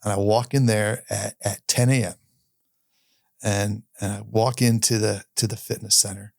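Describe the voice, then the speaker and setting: A middle-aged man, a podcast guest, telling a personal story in a candid, halting way, often restarting and repeating his words. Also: on the low side, fairly even intonation, creaky, no room sound, clean studio sound. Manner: candid, occasionally swears.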